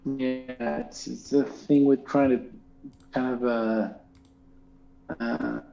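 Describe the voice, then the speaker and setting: A man joining a livestream as a guest, speaking slowly and hesitantly, trailing off. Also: mid-range voice, steady tone, gravelly, muffled recording, over music. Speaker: stream guest. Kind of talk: casual trading chat.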